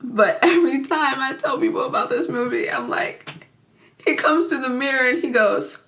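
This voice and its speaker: A woman's voice: high voice, moderate pace, a bit bright. A young adult woman casually retelling a movie plot for her channel. She is chatty and giggly, says "like" a lot and acts out the characters. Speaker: YouTuber reviewing a film. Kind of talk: casual film recap.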